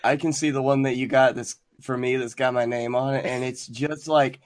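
A man's voice: mid-range voice, fairly even intonation, normal speed, no room sound. A man co-hosting a podcast in casual chat, making dry, wry remarks. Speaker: podcast co-host.

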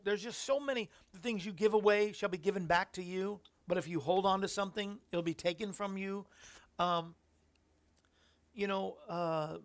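Male Christian radio host, rough gravelly voice, loose musing scripture commentary. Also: sits high. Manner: reflective, rambling preaching with fillers.

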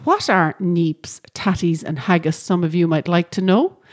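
A woman's voice: fairly low pitch, lively intonation, a little slow. A woman hosting a podcast, reading scripted narration in a friendly way and often asking listeners questions. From Ireland. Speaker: podcast host.

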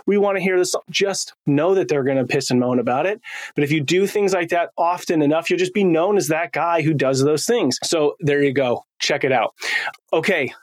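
A man talking straight into a close mic with no room sound, his voice sitting a bit high. He tells stories in a loose, conversational way. He often slips into the voices of the people he quotes. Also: no echo. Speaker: podcast host. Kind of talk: casual storytelling monologue.

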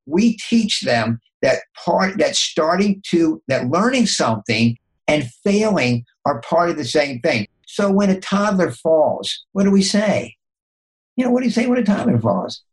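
Animated older man telling a story. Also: rough recording. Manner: animated, acts out inner dialogue with jumps in pitch; restarts and repeats words often. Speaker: podcast guest, consultant. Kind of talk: motivational storytelling.

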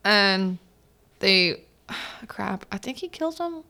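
Recapping a movie on her student podcast, a young woman laughs and acts out what the characters say. Her mid-range voice is animated and sharp-toned, though she speaks slowly, and the chat stays casual throughout.

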